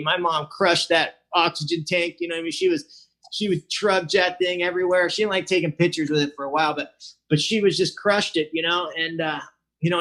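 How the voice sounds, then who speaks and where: A man's voice: a little high, pushed and bright. Rambling man telling a recovery story. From Southern California. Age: 40s. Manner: casual, rambling, many fillers and restarts. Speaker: recovery meeting speaker. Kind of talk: personal recovery talk. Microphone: online meeting.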